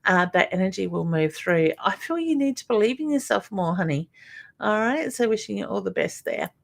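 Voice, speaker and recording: A woman's voice: mid-range voice, big pitch swings, normal speed, gravelly. A woman, a psychic medium giving live readings to viewers. She is affectionate and reassuring, calling people honey and hun.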